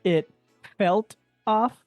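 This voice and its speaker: A man co-hosting a casual chat, quick with puns and laughing often. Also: sits high, music in the background. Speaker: podcast co-host.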